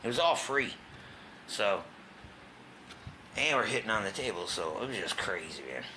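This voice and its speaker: Man, very low voice, bright edge, casual, profane, raw personal storytelling. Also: sing-song, normal speed, a little hiss or hum. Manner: casual, profane, drops to a whisper at tense moments. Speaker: guest sharing his recovery story.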